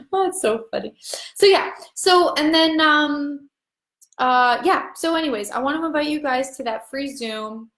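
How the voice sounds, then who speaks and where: Upbeat woman coach, fairly high voice, loose rambling pep talk, roomy echo. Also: expressive, unhurried, a bit bright. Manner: chatty, upbeat, rambling, with casual swearing. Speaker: voice class facilitator. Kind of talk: casual motivational talk to an online audience.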